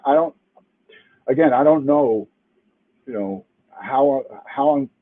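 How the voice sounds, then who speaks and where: Livid husky man on a tinny line. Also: mid-range voice. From New York City. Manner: angry, emphatic, cursing, halting restarts. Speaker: retired police detective commenting. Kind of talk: livestream commentary.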